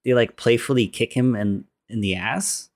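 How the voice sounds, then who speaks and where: A man's voice: mid-range voice, moderate pace. A man casually retelling a film plot, rambling with many restarts and fillers, acting out the characters' lines. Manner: rambling, lots of "like" and restarts, acts out quotes.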